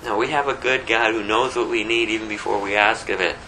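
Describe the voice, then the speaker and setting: An older man giving an informal, conversational sermon, animated and full of rhetorical questions. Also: fairly low pitch, fairly quick, slight background noise, rough recording. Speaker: preacher.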